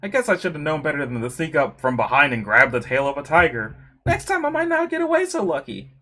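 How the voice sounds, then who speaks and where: Woman doing a soft-spoken, gentle young man. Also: deep voice, very animated, quick pace, voice pushed down, full character voice.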